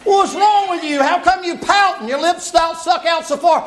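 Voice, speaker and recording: A man's voice: very high-pitched, normal speed, fairly bright tone, pitched above the performer's own voice. A man preacher voicing a doting queen who babies her sulking husband in a cooing, motherly way. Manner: cooing, babying. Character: doting queen Jezebel, coddling motherly woman.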